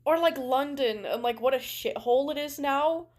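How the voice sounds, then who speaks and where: A woman's voice: sits high, normal speed, darkish tone. A young woman with a Canadian accent, chatting casually while streaming a game, rambling with lots of "like" fillers. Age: young adult. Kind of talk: casual chat while gaming.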